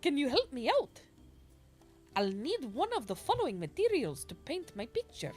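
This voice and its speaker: A woman voicing a gentle female artist from a machine race in a video game, reading the lines aloud in a put-on accent. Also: high voice, wildly swooping pitch, moderate pace, faint music behind, voice pushed up.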